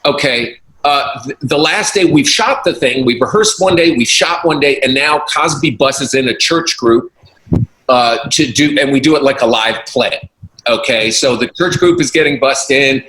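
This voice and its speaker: Bright animated man telling a story. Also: medium pitch, moderate pace. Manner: animated, acts out quoted voices, laughs often. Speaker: comedian guest. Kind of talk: casual storytelling. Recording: roomy echo, faint noise.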